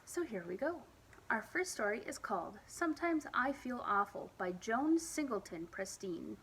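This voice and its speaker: A woman reading a children's picture book aloud at storytime, with expressive, lively emphasis. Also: a little high, normal speed, a little hiss or hum, low-quality recording. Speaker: storytime reader.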